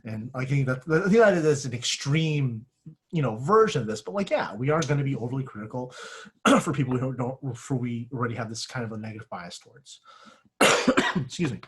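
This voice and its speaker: A man teaching a class in a casual lecture, full of fillers, often clearing his throat and correcting himself mid-sentence. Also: mid-range voice, expressive, brisk, fairly bright tone. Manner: self-correcting, searches for words. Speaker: instructor. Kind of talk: classroom lecture on giving feedback.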